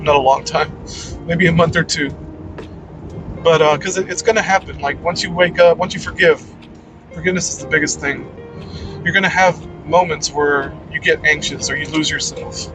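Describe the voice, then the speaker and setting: A man's voice: a little high, steady tone, normal speed, over music, rough recording. A man giving a casual, rambling monologue about faith, blunt and full of "like" and "man.". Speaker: channel host.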